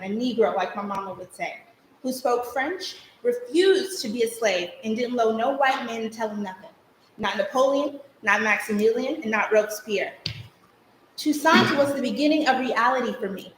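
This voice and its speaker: A woman's voice: a little high, a little hiss or hum, natural voice. A young woman acting a theatrical monologue as a spirited girl recalling her childhood, with vivid, rhythmic storytelling on a stage. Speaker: stage actor. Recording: echoey live stage recording.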